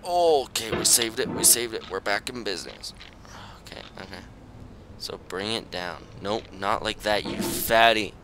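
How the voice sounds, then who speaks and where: A young man plays a maddening game and talks through it, mostly in a low, murmured voice. His pitch swings wide into squeaky cries. A loud hiss of noise sits under the whole recording. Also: animated, a little slow. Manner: frustrated, pleading, muttering to himself with sudden high yelps. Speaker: gaming channel host. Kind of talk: let's-play commentary.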